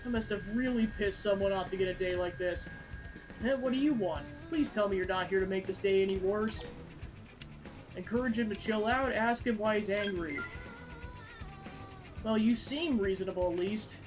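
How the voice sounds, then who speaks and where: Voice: mid-range voice, normal speed, pauses often, over music, lightly acted, low-quality recording. A gamer voicing an indignant, hot-headed young man while reading game dialogue aloud. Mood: angry. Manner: whiny and indignant.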